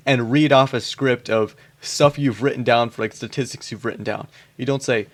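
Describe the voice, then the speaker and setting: A man's voice: medium pitch, brisk, few pauses. A man giving blunt, exasperated reaction commentary, mocking a debate and swearing at it.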